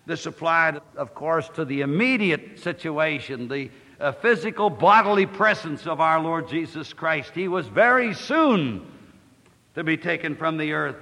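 Guy preaching a sermon, bright forceful voice, kinda high, big hall echo. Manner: declamatory, slows and rises on scripture quotes. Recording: long hall reverb.

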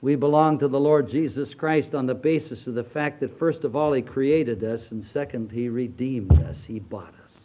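An older man, a pastor, preaching a sermon, dropping low and quiet then rising loud with slow, drawn-out emphasis.

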